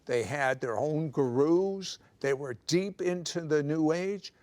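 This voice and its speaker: A man telling his life story in a studio interview, animated and teasing, with jokes slipped between serious moments. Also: on the high side, slow pace. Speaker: guest telling his testimony. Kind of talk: conversational testimony. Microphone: clip-on microphone.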